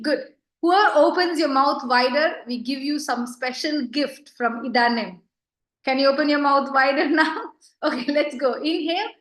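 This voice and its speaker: A woman with a bright, fairly high voice leads a live breathing class, counting out breaths and coaxing people along. Her words ring with a clear echo from the room around her. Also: normal speed. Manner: counting aloud and coaxing participants with bursts of energetic breath sounds; calm, reflective talk about breath and emotion. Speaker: yoga and breathing instructor. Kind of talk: live online pranayama class.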